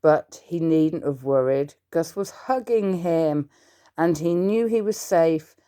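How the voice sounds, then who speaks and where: Slow, low-voiced woman reading a storybook. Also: animated, mellow, smooth. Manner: asides to the listener. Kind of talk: reading a children's storybook aloud.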